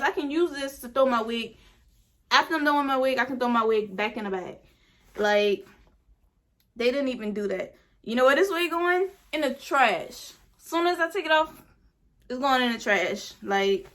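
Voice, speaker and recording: A woman's voice: on the high side, sharp tone. Frustrated young woman venting about a wig. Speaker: beauty vlogger. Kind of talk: casual product review.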